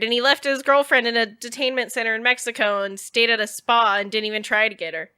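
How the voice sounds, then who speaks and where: A woman's voice: a little high, steady tone, brisk, few pauses, pushed and bright, clear, resonant tone. A woman comedian guesting on a podcast, chatting in a playful, slangy and profane way. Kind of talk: casual comedic chat.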